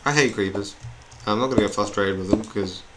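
This is a young man's fast, fairly low-pitched voice as he plays a video game and chats in a wandering, self-deprecating way. It's gameplay commentary from a gamer, captured in a noisy home recording full of keyboard clicks.

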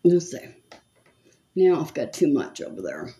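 A woman in her seventies chats casually through her makeup routine, muttering little asides to herself along the way. Her voice sits somewhat low and moves lively up and down. She takes her time over every phrase. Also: a little slow. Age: 70s. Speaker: makeup vlogger. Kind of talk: casual chat while doing makeup.

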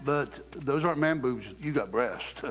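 A middle-aged man from Southeast Ohio preaching a sermon, telling stories with lively acted quotes and laughter. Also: mid-range voice, unhurried, big-room sound, noisy background.

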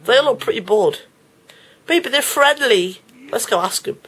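A man giving excitable, panicky let's play commentary, often laughing and shouting. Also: very high-pitched, unhurried, husky, rough recording. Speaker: gamer.

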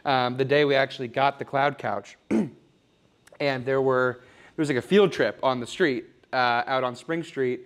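Young man as a smug rich guy, rambling, boastful, mock-sentimental, mid-pitched voice, comedic home-tour sketch. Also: fairly even intonation, a little slow, close to an everyday voice. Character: smug, oblivious rich young man showing off his loft. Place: apartment loft, walking room to room.

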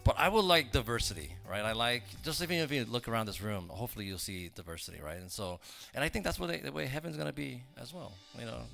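A man's voice: medium pitch, fast talker, gravelly, bright, forceful tone, soft background music. A man giving casual, joking announcements to a church congregation, chatty and full of asides. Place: church sanctuary.

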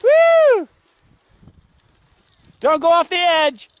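A man's voice: very high voice, big pitch swings, takes it slowly, a bit bright, dry recording, highs cut off. A man filming friends on a ski trip outdoors, cheering them on, teasing and laughing often in casual commentary. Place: outdoors on a snowy hill. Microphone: handheld camera.

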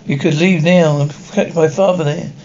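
A man reading the part of a boastful young woman who spins grand tales, in a flat read-aloud delivery that stumbles over words. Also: a little high, moderate pace, close to an everyday voice. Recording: dull lo-fi audio with faint hiss.

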